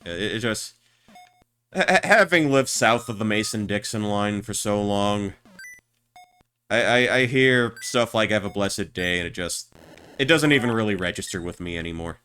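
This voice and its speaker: A man's voice: on the low side, animated, normal speed, bright, forceful tone. A man streaming a game, chatting in a rambling, stammering way with crude jokes. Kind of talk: casual gameplay chat.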